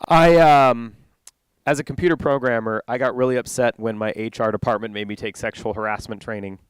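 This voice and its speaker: A man's voice: medium pitch, steady tone, fairly quick, clean tone, no echo. Young guy doing standup, rambly, cracks himself up, clean dry mic sound. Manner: rambling, self-interrupting, laughs at own jokes. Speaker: stand-up comedian. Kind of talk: stand-up comedy. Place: conference stage.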